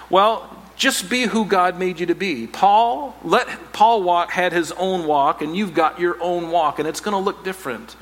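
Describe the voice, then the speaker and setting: A male pastor preaching a sermon, animated, with playful asides and self-mocking humor. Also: sits high, unhurried, in a large hall.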